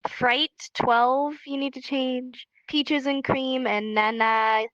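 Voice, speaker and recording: A fairly high-voiced woman sounding stuffed up from allergies, patiently calling out names and giving casual instructions to a live virtual class. The recording is dry and muffled, with a dull lo-fi sound. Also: steady tone, slow pace, a bit bright, dry recording. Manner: friendly, patient, calls out names one by one.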